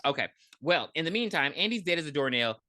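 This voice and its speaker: Woman podcast co-host, blunt and profane, animated lower voice, bright tone. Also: fast talker, no echo, clean studio sound. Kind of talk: casual movie review chat.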